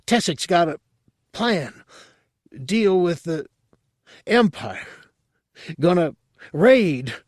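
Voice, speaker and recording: A man's voice: sits high, very animated, extremely slow, long pauses, no room sound, studio quality, voice pushed up, exaggerated voice. A man voicing a drunk, surly three-eyed alien thug who slurs and snarls his words. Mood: gasping panic. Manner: slurred, snarling.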